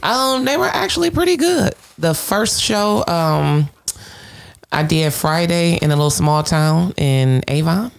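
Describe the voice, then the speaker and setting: A woman's voice: fairly low pitch, unhurried, creaky. A woman comedian from Detroit, chatting as a guest in a podcast studio and telling stories with lots of laughter. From Detroit, USA. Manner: animated storyteller, laughing. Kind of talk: casual podcast chat.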